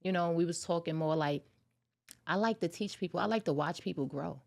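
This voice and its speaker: A woman's voice: fairly low pitch, creaky. A woman guest on a podcast, telling a personal story in casual chat and acting out the lines of the people in it. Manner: animated, talks fast, acts out dialogue.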